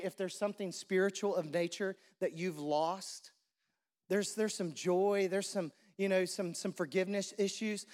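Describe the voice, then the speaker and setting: A man's voice: sits high, a little mellow, long reverb tail. A man preaching a sermon as pastor, conversational and repeating his questions for emphasis. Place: church.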